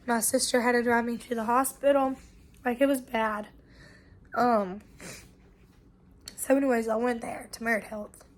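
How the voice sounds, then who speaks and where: Young woman, hoarse and short of breath, chatty vlog storyteller with a slightly high voice. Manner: chatty, storytelling, quick asides. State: hoarse and winded from bronchitis. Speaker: vlogger. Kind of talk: casual chat to camera.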